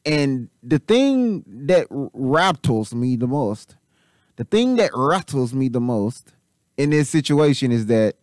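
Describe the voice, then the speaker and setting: Brief: male host, casual rant, mid pitch, dry close mic, repeats himself. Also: no room sound. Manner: rambling, repetitive, animated, swears freely. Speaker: channel host. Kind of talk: casual commentary.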